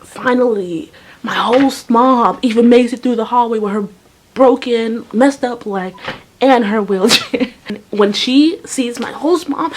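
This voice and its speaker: A young woman vlogger telling a storytime tale in a lively way, acting out voices and sounds. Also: medium pitch, normal speed, slight background noise. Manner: animated, acts out voices and sounds. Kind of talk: storytime vlog.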